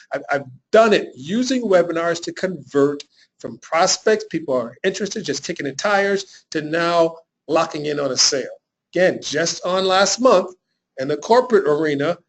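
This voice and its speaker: A middle-aged man presents a live business webinar in an energetic, repetitive way. His voice sits high for a man, and he keeps turning to his viewers with quick questions for the chat. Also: poor audio. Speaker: webinar host.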